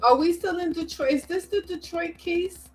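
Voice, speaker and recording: A woman's voice: very high voice, moderate pace. A woman co-host in casual chat, teasing and bossy, who drops Spanish words into her speech.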